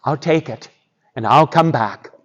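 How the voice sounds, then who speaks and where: A man voicing a sorrowful old king bidding his son farewell, low and hushed. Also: a little slow, slightly rough, muffled recording. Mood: solemn. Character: old grieving king, solemn.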